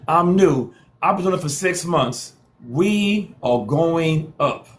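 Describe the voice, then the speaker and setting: A man's voice: on the high side, animated, takes it slowly, fairly bright tone. Hyped man hosting a live stream. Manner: repetitive hype calls, playful trash talk. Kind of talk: TikTok live hosting, hyping viewers.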